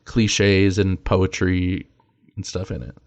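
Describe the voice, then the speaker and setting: A man with a fairly low voice chats on a podcast. He pushes his opinions with emphatic enthusiasm, sounding sure of himself. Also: level tone, slow pace, darkish tone, highs cut off. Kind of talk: casual podcast discussion.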